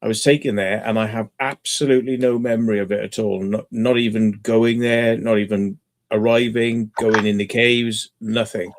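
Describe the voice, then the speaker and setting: A man's voice: lowish voice, fairly even intonation, normal speed. A man who hosts a channel, chatting casually and rambling through stories with plenty of fillers. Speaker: channel host. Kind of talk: casual chat.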